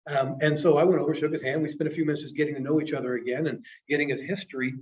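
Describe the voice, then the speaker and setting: A man telling a personal story to an audience in a presentation, halting and repeating words, acting out the people he quotes, emotional at times. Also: fairly high pitch, fairly even intonation, a little mellow. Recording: distant, dull lo-fi sound.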